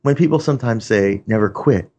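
A man's voice: lowish voice, fairly quick, dark tone. A man telling a motivational story in a conversational way, often restarting and saying "you know".

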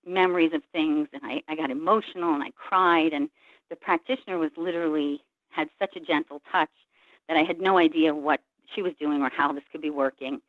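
A deep-voiced woman, a Reiki practitioner appearing as an interview guest, tells a long personal story at a brisk clip and in a steady tone. She is earnest and reflective, and she slips into the voices of the people she describes to retell scenes in their words. Her voice comes over a tinny telephone line with no room sound around it.

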